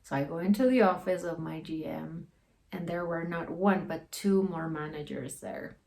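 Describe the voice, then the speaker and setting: Speaking at a moderate pace with a fairly low, darkish voice and some vocal fry, a young adult woman shares a personal story as a guest. Her telling is loose and rambling, packed with "like" and "you know."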